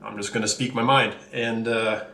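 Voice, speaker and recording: A man's voice: on the low side, little pitch movement, moderate pace, gravelly, pushed and bright. A man hosting his own watch channel, talking candidly to camera with lots of fillers and running a little out of breath. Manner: candid, blunt, rambling with fillers. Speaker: channel host reviewing watches. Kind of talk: casual vlog talk to camera. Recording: echoey room, faint ambience.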